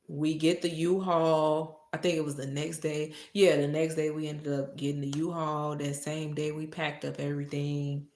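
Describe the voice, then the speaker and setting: A woman telling a story casually, cursing freely and acting out a heated argument. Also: low voice. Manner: profane, animated retelling that acts out heated arguments. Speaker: storytime vlogger. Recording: roomy echo.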